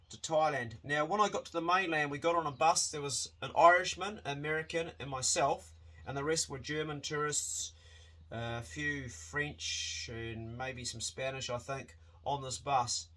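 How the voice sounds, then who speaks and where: A man telling a wild travel story in a casual, animated way, swearing freely and often restarting his sentences. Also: a little high.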